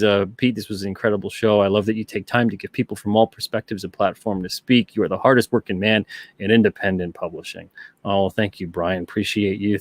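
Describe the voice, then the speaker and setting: A middle-aged man hosting a casual livestream show, reading viewer questions from the chat and answering them in a relaxed, thinking-aloud way. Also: lowish voice, no echo, studio quality. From not British. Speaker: podcast host.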